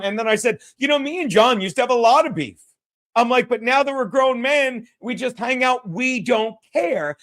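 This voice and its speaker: A man with a very high-pitched voice hosts a casual talk show. He rambles through anecdotes, swears freely and acts out other people's lines. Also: animated, brisk, a bit bright. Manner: profane, ranting, acts out quotes. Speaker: podcast host. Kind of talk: casual storytelling chat.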